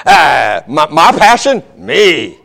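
A man's voice: on the high side, big pitch swings, slow, vocal fry, a bit bright, heavily acted. A male preacher voicing an ancient king who hesitates and stammers over his guilt during a sermon. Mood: evasive. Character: guilty evasive ancient king, middle-aged man.

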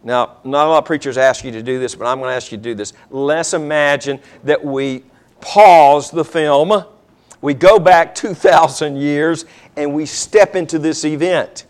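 A man's voice: fairly high pitch, normal speed. A man preaching a sermon, telling a Bible story dramatically and acting out the characters.

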